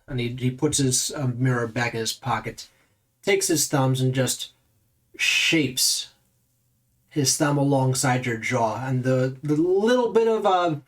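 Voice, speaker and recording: A man running a tabletop game as game master, narrating loosely with many fillers. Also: medium pitch.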